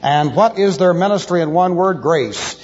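A pastor's husky, fairly high voice carries through a big hall with a long echo. He teaches in a measured lecturing manner, spelling out Hebrew and Greek words letter by letter and tossing in dry asides. The old tape sounds dull and muffled. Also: lively intonation, a little mellow. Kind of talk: expository Bible teaching.

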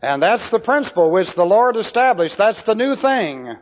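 High-ish guy teaching a sermon, slow and careful, long echo like a big hall. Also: very animated. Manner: slow, deliberate, spells out Hebrew words letter by letter. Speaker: Bible teacher. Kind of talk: expository sermon. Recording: dull lo-fi hall recording.

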